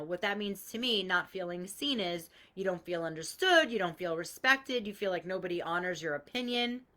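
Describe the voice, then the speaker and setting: A woman speaks in a sharp, mid-range voice. She's running a casual live-stream coaching call, blunt and liberally profane, giving everyday examples and welcoming viewers by name.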